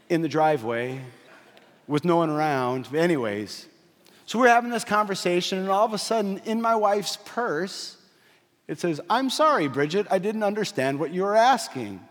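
A fairly high-voiced man preaches a sermon in a church, his words ringing in the long reverb of a big hall. He builds to loud, emphatic peaks, then drops to hushed, low passages, and slips in jokey asides and stories along the way. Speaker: pastor. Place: church sanctuary.

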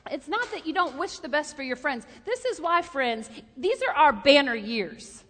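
Woman preacher, high and bright, animated storyteller, long hall echo. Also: moderate pace. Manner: lively, repeats questions for emphasis, animated storytelling. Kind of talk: sermon.

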